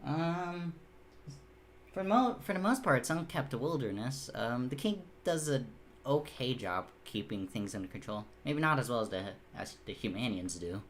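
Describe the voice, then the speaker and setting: A man's voice: mid-range voice, expressive, normal speed, a little hiss or hum, natural voice. A man voicing a blunt young farm girl who is chatty, casual and a bit impatient with her brother, in a tabletop game.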